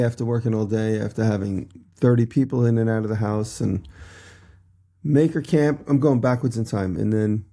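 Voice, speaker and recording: A somewhat run-down man chatting on a podcast, his voice mellow and warm. He lists one trip and event after another in an easy, casual way. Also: medium pitch. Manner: quick travel recap, listing one event after another. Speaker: podcast co-host. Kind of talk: casual chat.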